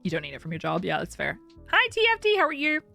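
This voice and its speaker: A woman's voice: lowish voice, wildly swooping pitch, fast, gravelly, pushed and bright, faint music behind. A young woman streaming and chatting casually with viewers, candid and talkative, laughing often.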